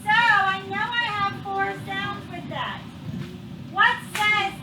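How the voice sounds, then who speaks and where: Woman, very high voice, classroom teacher, patient questioning, roomy echo, distant mic. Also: slow pace. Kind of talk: classroom phonics lesson. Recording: echoey classroom, far from mic, background noise.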